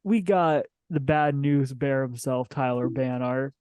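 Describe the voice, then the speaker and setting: A man's voice: medium pitch, measured pace, darkish tone, clear, resonant tone, dry recording. Laid-back man hosting a podcast. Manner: laid-back, introduces guests with filler ums. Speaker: podcast host. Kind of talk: casual podcast chat.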